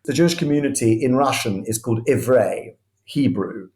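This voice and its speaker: Speaking at a moderate pace in a medium-pitched, darkish voice, this guest historian shares conversational history stories as vivid anecdotes, often breaking off to restart sentences. The sound is reverberant.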